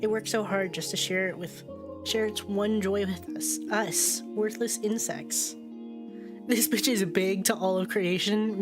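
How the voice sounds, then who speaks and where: A woman's voice: medium pitch, measured pace, over music. A woman streaming a narrative game, reading its text aloud and reacting with chatty commentary, laughing often and swearing casually.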